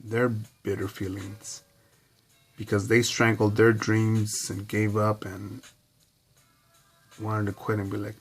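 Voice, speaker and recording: An adult man vlogging in a rambling, profane, reflective monologue full of pauses and fillers. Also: fairly low pitch, flat delivery, husky, soft background music.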